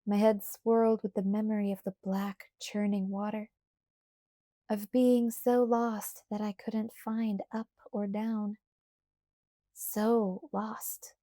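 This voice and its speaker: A woman narrating an audiobook in a calm, measured first-person reading. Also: mid-range voice, no echo, studio quality. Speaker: audiobook reader.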